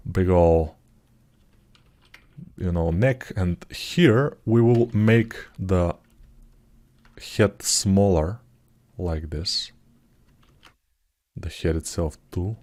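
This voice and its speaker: A man talking through his 3D sculpting work in a live tutorial, thinking aloud in a relaxed, self-deprecating way, with typing heard behind him. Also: lowish voice. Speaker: 3D artist tutor.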